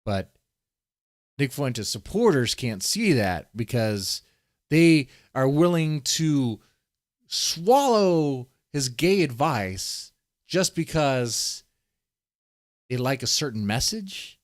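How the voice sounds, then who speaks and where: A man rambles through casual commentary in a dry, close-miked voice. His tone is profane and loose, and he stumbles and restarts mid-sentence. His pitch sits mid-range for a man. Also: big pitch swings, slow pace, pauses often, no echo. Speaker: commentary streamer.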